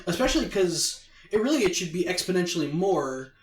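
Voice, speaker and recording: A man with a fairly high voice chats casually as a podcast co-host, animated and quick to mimic other people in asides. He sits back from the mic, so his voice sounds distant. The room around him echoes. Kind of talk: casual chat.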